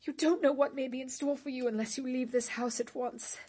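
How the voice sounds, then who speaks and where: A woman's voice: sits high, fairly even intonation, a little fast, warm tone, breathy edge. An actress playing a worldly woman with a shameful past, pleading urgently and with passion in a stage drama. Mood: impassioned.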